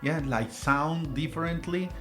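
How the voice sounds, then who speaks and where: A man's voice: on the high side, a little slow, fairly bright tone, soft background music. Colombian man asking hesitant questions in English. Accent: Colombian Spanish. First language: Spanish. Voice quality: questioning, hesitant with many restarts. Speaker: podcast co-host, English teacher. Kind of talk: casual podcast chat.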